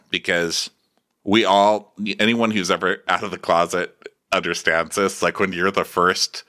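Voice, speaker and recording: Bright, wry male podcast co-host. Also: deep voice, steady tone. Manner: wry, quick asides mixed with bursts of camp mimicry. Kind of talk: comedic reality TV recap.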